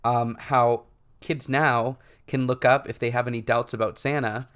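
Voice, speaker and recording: A young man co-hosts a podcast in easy, rambling chat. His voice sits at a middle pitch. He uses plenty of fillers and often breaks into laughter. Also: steady tone, normal speed, a bit bright, clean tone. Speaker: podcast co-host. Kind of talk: casual chat.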